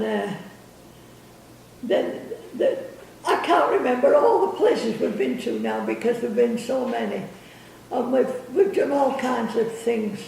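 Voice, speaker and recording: An older woman telling family stories in a halting, chuckling way, losing her thread now and then. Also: fairly high pitch, vocal fry, dark tone, a little hiss or hum. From England. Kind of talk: casual storytelling. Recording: echoey room from a distance.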